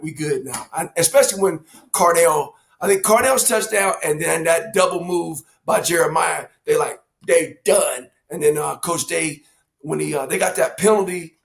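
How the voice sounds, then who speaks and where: A man's voice: fairly high pitch, gravelly. A man, telling family stories on a podcast and acting out quotes. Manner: animated storyteller, acts out quotes. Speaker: father of the hosts, former coach. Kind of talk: casual family podcast storytelling.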